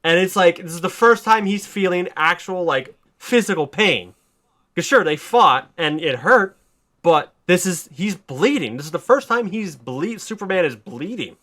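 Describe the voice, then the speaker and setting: A man hosting a podcast, excitedly retelling a story pitch in casual, swearing chat. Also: normal speed. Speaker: podcast host.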